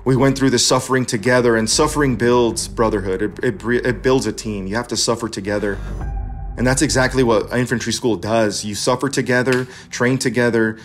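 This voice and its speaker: Brief: earnest forties man, personal story narration, faint music underneath. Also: mid-range voice. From California. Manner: earnest, plain-spoken, conversational.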